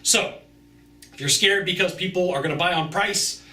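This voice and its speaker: A man's voice: high-pitched, normal speed, sharp tone, echoey room, far from the mic. A man giving brash, emphatic sales advice straight to the viewer in a vlog. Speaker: sales consultant. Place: outdoors.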